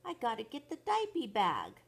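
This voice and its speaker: A brave little toddler boy, earnest and a bit bossy, calling out in a lively, rising voice, as a woman puts him on. His breathy storybook voice is full of childlike determination. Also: fairly high pitch, moderate pace, heavily acted. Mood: determined. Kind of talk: storybook read-aloud.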